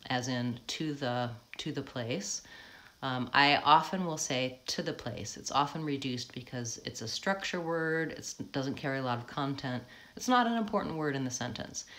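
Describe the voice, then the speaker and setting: An American woman who coaches accents, giving a live pronunciation lesson, explaining patiently and modeling words slowly with frequent ums. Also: a bass voice.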